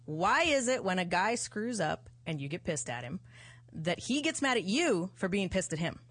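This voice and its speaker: A woman's voice: medium pitch, big pitch swings, moderate pace, a bit bright, dry recording. A woman co-hosting a podcast, teasing her co-hosts in casual banter and laughing often. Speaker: podcast co-host.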